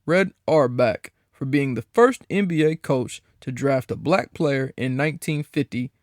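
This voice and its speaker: A man hosting a solo podcast, ranting in a profane, incredulous, animated way. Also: mid-range voice, a little slow, no echo, clean studio sound. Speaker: podcast host.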